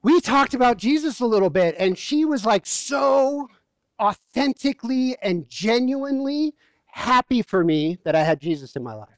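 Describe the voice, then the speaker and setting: High-voiced, joking male pastor. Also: expressive, normal speed, no echo. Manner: conversational, humorous storytelling. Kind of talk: sermon. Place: church.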